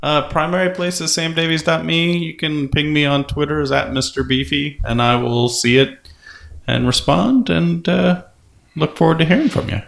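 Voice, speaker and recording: A man co-hosting a podcast in casual chat, playful and animated, now and then slipping into silly voices. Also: a little high, normal speed, creaky. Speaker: podcast co-host.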